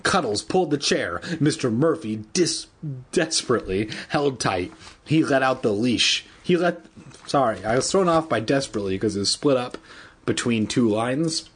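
Man, husky, lively reading voice, storybook at home, irreverent asides. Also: medium pitch, moderate pace. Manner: animated, irreverent, swearing asides. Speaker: reader.

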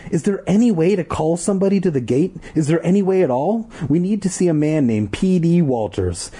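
A man voicing a panicked teenage girl in a read-aloud story, high-pitched and frantic. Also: expressive, brisk, mellow, husky. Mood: desperate.

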